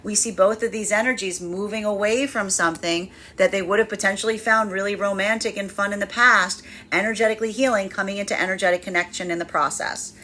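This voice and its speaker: A woman's voice: medium pitch, steady tone, quick pace, hardly any pauses, pushed and bright, slight background noise. A woman giving a casual spoken tarot reading, chatty and full of fillers, often laughing while she acts out what people might say. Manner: chatty, with many fillers, laughing while acting out quoted voices. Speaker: tarot reader.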